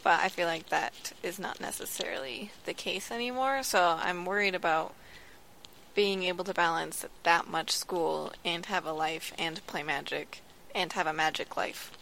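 A woman's voice: fairly low pitch, normal speed, creaky, bright, forceful tone, slight background noise. A woman in her twenties, a graduate student, chatting casually on a podcast with lots of "like" and "um". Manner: chatty storytelling, frequent "like" and "um".

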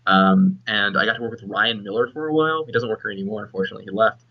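A man's voice: on the low side, very fast, gravelly, highs cut off. A young man, a game developer chatting casually as a podcast guest, joking and restarting his sentences often.

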